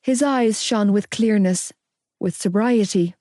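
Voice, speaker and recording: A woman narrating a romance audiobook in the first person, expressive and unhurried. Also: medium pitch, no echo, studio quality.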